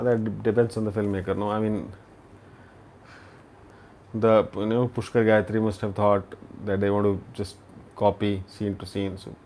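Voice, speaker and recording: A man's voice: on the low side, gravelly, darkish tone, a little hiss or hum. A man hosting a casual live-stream chat, musing aloud and often restarting his sentences. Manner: halting and musing, with frequent restarts. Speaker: host of a live chat show.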